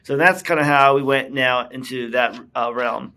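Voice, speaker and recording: A man's voice: mid-range voice, steady tone, normal speed, sharp tone. Chatty man telling his business story. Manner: chatty, many fillers and restarts. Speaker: business founder, guest. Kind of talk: casual interview storytelling.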